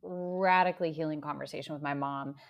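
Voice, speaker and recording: A middle-aged woman, an author and pastor, telling a personal story as an interview guest, animated and emotional, laughing at times. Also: sits low, brisk, gravelly.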